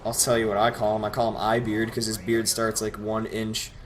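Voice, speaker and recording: A man's voice: fairly low pitch, completely flat delivery, brisk, a little hiss or hum. A teenage boy casually telling stories over gameplay, rambling, sarcastic and swearing freely. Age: teens. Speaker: gameplay commentator.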